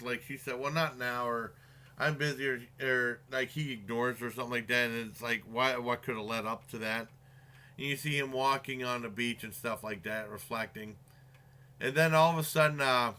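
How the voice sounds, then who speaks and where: A man's voice: medium pitch, pushed and bright. A man casually retelling a movie's plot in a review, rambling with many fillers and restarts and chuckling along.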